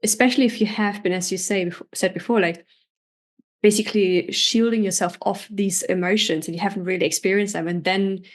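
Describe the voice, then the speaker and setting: A woman guest on a podcast speaks in a middle-pitched voice about her coaching work. Her delivery is earnest and casual, with "like" scattered through almost every sentence. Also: fairly even intonation, brisk. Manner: earnest, heavy use of "like" fillers. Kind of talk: casual conversational interview.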